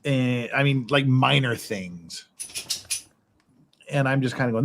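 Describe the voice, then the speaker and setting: Male host, relaxed rambling chat, mid pitch, salty humor. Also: slow, slight background noise. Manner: rambling storyteller, swears freely, laughs often. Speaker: livestream host. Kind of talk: casual chat. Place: his house in Korea.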